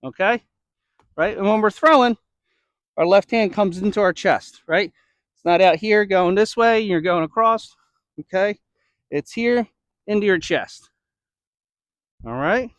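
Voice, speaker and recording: Baseball coach demoing drills: a high-voiced man, slightly winded, checking in with "okay?" and "right?", in a dry, close recording. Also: a little slow, long pauses, a bit bright, no echo. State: slightly out of breath. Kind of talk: instructional demo.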